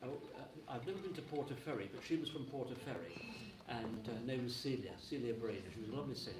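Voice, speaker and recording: A man's voice: mid-range voice, fast, noisy background. A man hosting a live trad music session, chatting and joking between tunes with stumbling restarts. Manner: jokey, self-mocking, stumbling restarts. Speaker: session host. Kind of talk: casual chat between tunes. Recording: echoey hall from far off, live music.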